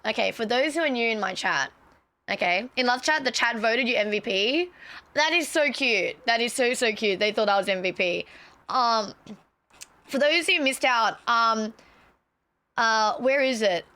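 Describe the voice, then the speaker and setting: A woman streamer chatting casually to her viewers, excitable and swearing freely. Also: fairly high pitch, unhurried. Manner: excitable, swears a lot, talks straight to chat.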